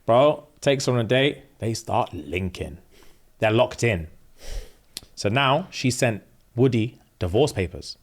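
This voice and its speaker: A man's voice: medium pitch, animated, slow pace. A man, a podcast host casually retelling a story in slang.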